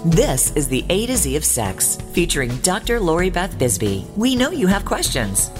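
Female promo announcer, animated lowish voice, clear music bed behind. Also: moderate pace, hardly any pauses. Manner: upbeat, promotional.

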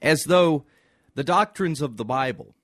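A man giving a short sermon-like teaching, measured and illustrative. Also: a little high, animated, fairly bright tone. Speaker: Christian speaker.

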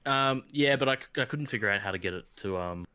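A man's voice: mid-range voice, lively intonation, fast, crowd noise. A man co-hosting a podcast, easygoing and blunt, stammering a little. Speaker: podcast co-host. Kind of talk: casual podcast chat.

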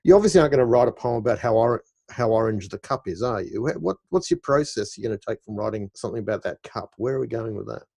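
A man's voice: mid-range voice, animated, quick pace, gravelly, darkish tone. A man interviewing a guest, chatty and playful, telling anecdotes between questions. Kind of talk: interview conversation.

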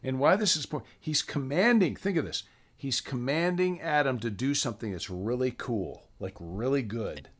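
A man's voice: mid-range voice, normal speed. A man co-hosting a casual Bible study, adding points and paraphrasing verses in plain everyday speech. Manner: enthusiastic, paraphrases in lively everyday phrases. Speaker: co-host.

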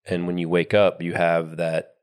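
Guy cohost with a super deep voice, calm and easygoing. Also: moderate pace, clean tone. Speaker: podcast co-host. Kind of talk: casual chat.

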